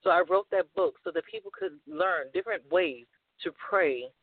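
A woman speaking as a guest author and life coach in a casual radio interview, animated and emphatic, laughing often. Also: on the low side, normal speed, vocal fry, no echo. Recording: tinny phone-line audio.

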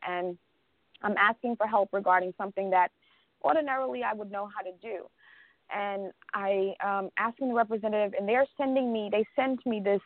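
A woman's voice: medium pitch, dry recording. A woman telling a personal story in casual conversation, rambling with many restarts and fillers and laughing often. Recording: dry phone-line sound.

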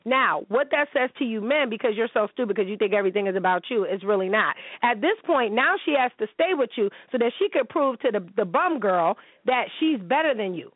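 A woman's voice: fairly high pitch, expressive, a little fast, few pauses, no room sound. A woman in her forties hosting a show, ranting bluntly and cursing freely from home. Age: 40s. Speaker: show host. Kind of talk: casual monologue commentary. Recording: tinny phone-like line, dry.

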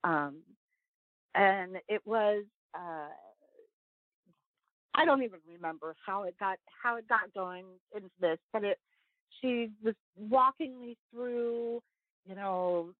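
A woman's voice: on the high side, no room sound. Chatty woman on a thin phone line. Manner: rambling, many fillers and restarts, earnest. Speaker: guest, pastor and writer. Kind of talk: casual interview conversation.

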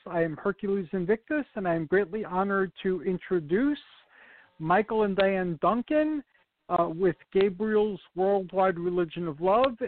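A man hosting a spiritual talk radio show, who greets and introduces his guests with formal enthusiasm. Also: sits high. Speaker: radio host. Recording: tinny phone line with hiss.

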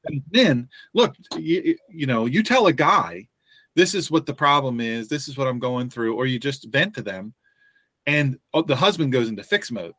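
A man hosting a faith-based podcast, talking earnestly with frequent restarts and pauses. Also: medium pitch, lively intonation, a bit bright, no room sound. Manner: earnest, halting with many restarts. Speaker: podcast host.

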